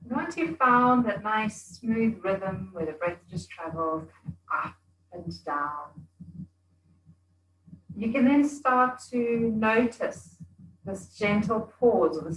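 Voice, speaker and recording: A woman yoga teacher giving slow, soothing breathing instructions during an evening class. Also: mid-range voice, animated, distant mic. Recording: echoey room.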